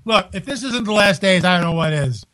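A man hosting a call-in radio show, talking in an incredulous, exclaiming way with quick asides, from home. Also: sits high, expressive, a bit bright, no echo, rough recording. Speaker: radio talk show host.

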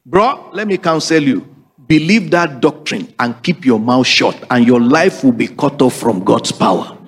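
A man's voice: medium pitch, animated, measured pace, husky. A man preaching a sermon, emphatic and repetitive, calling on the congregation to repeat after him. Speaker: pastor.

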